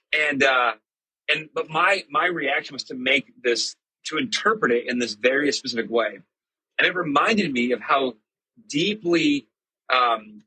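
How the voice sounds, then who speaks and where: Husky, bright-toned man. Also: mid-range voice, no room sound, low-quality recording. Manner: conversational, self-deprecating storytelling with many fillers. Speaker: church podcast host. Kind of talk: casual reflective monologue.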